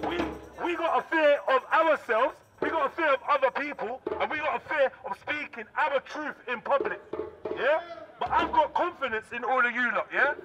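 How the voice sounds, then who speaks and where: A man, leading a crowd outdoors in loud call-and-response, shouting so everyone can hear. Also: very high-pitched. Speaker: community outreach leader.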